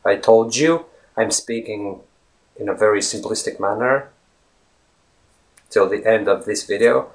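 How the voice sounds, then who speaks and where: A man's voice: lowish voice, measured pace, long pauses. Chatty man teaching English. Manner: chatty, repeats and rephrases points; addresses viewers as friends. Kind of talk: casual teaching monologue.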